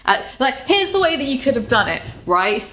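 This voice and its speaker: A young British woman giving casual, sarcastic commentary, animated and swearing freely. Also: high-pitched, brisk. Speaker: commentary YouTuber. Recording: echoey room.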